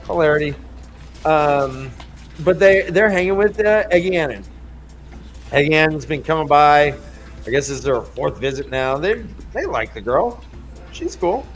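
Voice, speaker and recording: A man hosting a podcast, rambling through a casual book discussion with crude jokes. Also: a little high. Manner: rambling and joking, with crude humor. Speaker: podcast host.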